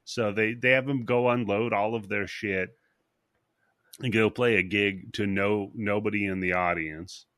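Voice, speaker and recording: Low-voiced man recapping a film, dry. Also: fairly even intonation, measured pace, fairly bright tone, no echo. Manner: laughs often, acts out scenes in put-on voices. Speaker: podcast host. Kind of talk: casual chat, recapping a film.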